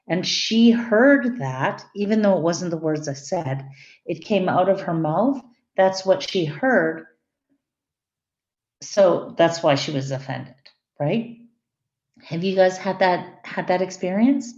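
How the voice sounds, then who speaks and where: A woman's voice: fairly low pitch, animated, slow, darkish tone. A middle-aged woman giving a conversational classroom lecture and checking in with her students. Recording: echoey, dull lo-fi room recording.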